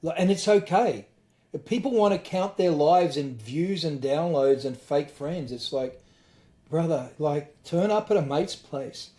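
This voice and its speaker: A man's voice: a little high, expressive, measured pace, mellow. Earnest Australian man, echoey room. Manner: earnest, emphatic, blunt with swearing. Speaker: podcast guest. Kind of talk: candid conversation.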